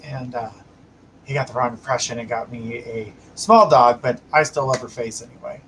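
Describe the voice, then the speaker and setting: A man's voice: mid-range voice, brisk, a bit bright, slight background noise, low-quality recording. A man hosting a live psychic reading stream, chatting casually, laughing often and reading viewer comments aloud. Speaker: psychic livestream host.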